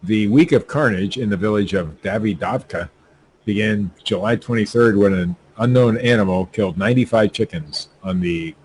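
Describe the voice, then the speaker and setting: A man's voice: fairly low pitch, normal speed, darkish tone, slight background noise, poor audio. A man hosting a podcast, reading news stories aloud with stumbling, joking asides. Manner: stumbling, laughing at his own jokes. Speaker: podcast host.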